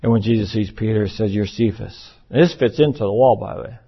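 A man's voice: lowish voice, fast talker, hardly any pauses, slightly rough. A man preaching a sermon in an emphatic, conversational way, now and then acting out the voices he quotes. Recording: muffled, lo-fi recording.

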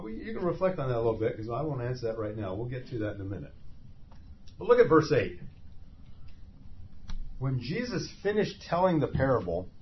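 A man preaching a sermon, passionate and emphatic, asking his listeners questions as he teaches. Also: fairly high pitch. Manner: impassioned, rises to loud emphatic cries; asks the listeners rhetorical questions. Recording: slightly dull lo-fi sound with faint noise.

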